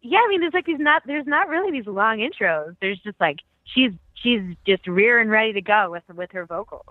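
A woman's voice: a little high, expressive, normal speed, no echo. Gushy woman podcaster, lots of likes and laughs, tinny phone-ish sound, dead dry. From California. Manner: enthusiastic, chatty, many fillers and laughs. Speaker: podcast co-host. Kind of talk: casual chat about music.

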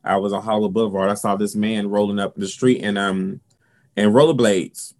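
Speaking fairly quickly in a low voice, a Southern-accented man from South Carolina, a drag performer, shares candid stories in an interview. He's sassy and expressive, often dropping "honey" and "girl."

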